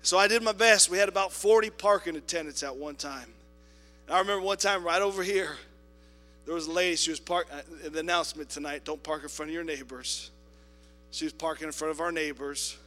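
A man preaching a sermon in a church, telling a story with quoted voices and swinging between loud appeals and soft asides. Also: a little high, a little fast, long reverb tail, soft background music. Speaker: pastor. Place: church sanctuary.

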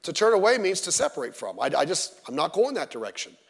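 A middle-aged man preaching a sermon as pastor, animated and digressive, with joking asides. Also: fairly high pitch, fast, vocal fry. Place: church sanctuary. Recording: long church-hall reverb.

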